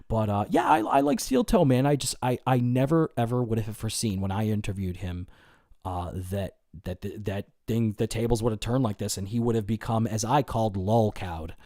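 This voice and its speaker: Low mellow-voiced guy rambling on his stream, swearing a lot, dry close sound. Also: moderate pace, no echo. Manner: rambling, profane, many fillers and restarts. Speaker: livestream host. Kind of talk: casual livestream chat reading comments.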